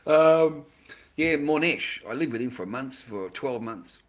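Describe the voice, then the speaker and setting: A man's voice: medium pitch, animated, a little slow. An Australian man chatting casually on a livestream, rambling and swearing constantly, with "mate" in almost every line.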